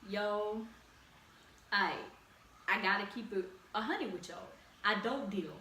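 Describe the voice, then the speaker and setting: A woman's voice: mid-range voice, slow pace, pushed and bright. Louisiana woman hosting her podcast, echoey. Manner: direct, encouraging, conversational with slang. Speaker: podcast host. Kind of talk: casual solo podcast talk. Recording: echoey room, distant mic, faint ambient noise.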